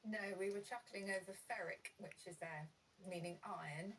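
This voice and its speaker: A woman's voice: lowish voice, moderate pace, fairly bright tone, far from the mic, slight background noise, poor audio. A woman on a quiz show, explaining word origins with enthusiasm and plenty of ums.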